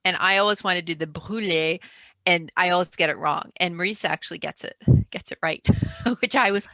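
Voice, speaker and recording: A woman's voice: lowish voice, a little fast, pushed and bright, dry recording. A woman author chatting over a video call, talkative, often breaking off mid-sentence and laughing. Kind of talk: casual chat.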